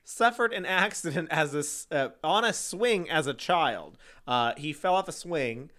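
A man's voice: on the high side, animated, unhurried, sharp tone. A man co-hosting a casual true crime podcast, laughing often and trading teasing banter. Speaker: podcast co-host.

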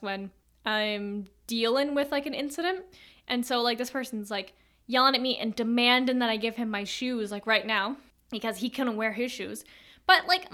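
A young woman in her twenties tells a story in a relaxed storytime style. Her voice sits slightly high and has a crisp, bright edge. She rambles, circles back to tangents and leans on filler words. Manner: chatty, rambling, full of "like" and tangents. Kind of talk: casual storytime vlog.

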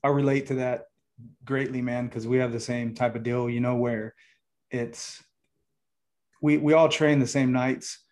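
A man's voice: mid-range voice, level tone, a little slow, pauses often, a little mellow. Man, podcast co-host, casual chat, laid-back, heavy swearing.

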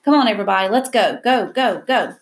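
A man's voice: high-pitched, animated, fast. A woman voicing a hot-tempered male drama teacher who barks impatient orders. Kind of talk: audiobook character voice.

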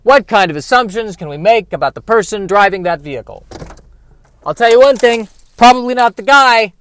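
Guy podcasting from his car, bit higher voice, sarcastic and self-deprecating, rants get loud, car noise behind. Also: lively intonation, moderate pace, long pauses, smooth, no room sound. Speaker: podcast host. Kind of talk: solo comedic monologue. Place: in a car while driving and parking.

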